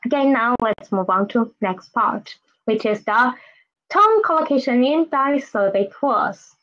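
A woman with a slightly high voice gives a language lesson at an unhurried pace. She patiently repeats each word and models the tones for learners to follow. The recording sounds muffled and lo-fi. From Philippines. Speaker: Mandarin teacher. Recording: dull lo-fi recording.

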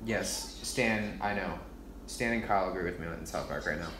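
A man's voice: sits low, moderate pace, noisy background. A man hosting a casual livestream, joking and mocking himself with lots of swearing while he cooks. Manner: profane, joking, self-mocking.

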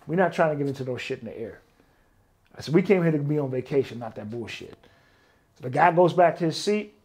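Middle-aged guy, interview guest, animated raconteur acting out the dialogue. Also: on the high side. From Detroit, US. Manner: animated, acts out quoted dialogue. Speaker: interview guest, former bodyguard. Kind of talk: casual storytelling interview.

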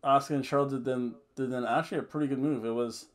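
A man's voice: mid-range voice, steady tone, fast talker. A man giving a casual, rambling, jokey wrestling review full of fillers and restarts.

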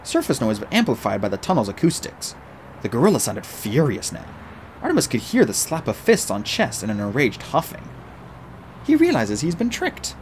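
Man, audiobook narrator, animated delivery, lively pitch, faint background hiss. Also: a little fast. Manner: animated, expressive reading.

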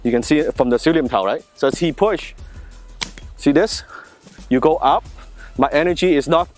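A man's voice: fairly high pitch, moderate pace, a little mellow, faint music behind. A man teaching self-defence, talking through each move and directing a training partner as he demonstrates. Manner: gives direct instructions to a partner while demonstrating. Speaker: martial arts instructor.

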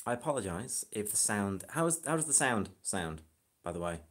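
A man's voice: lowish voice, big pitch swings, moderate pace, a bit bright. A man hosting a casual live stream from a phone indoors, chatting and joking with viewers. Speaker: hypnotist livestream host. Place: flat indoors. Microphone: phone camera.

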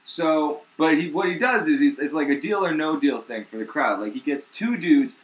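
Rambling, swearing young male storyteller, lively. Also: a little high, normal speed, roomy sound. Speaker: host. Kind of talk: casual comedic retelling.

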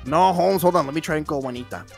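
A man's voice: on the high side, fast, creaky, faint music behind. A man voicing a gullible, nervous cholo sidekick with a put-on Chicano English accent during a game. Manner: gullible, nervous, calls his friend Holmes. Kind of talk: comic role-play over gameplay.

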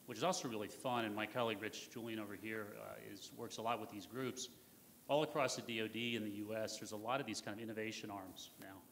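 A man's voice: lowish voice, fairly bright tone. An American man speaking casually on a conference panel, rambling with fillers and admitting he is jet-lagged. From United States. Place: conference hall. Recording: hall reverb, faint noise.

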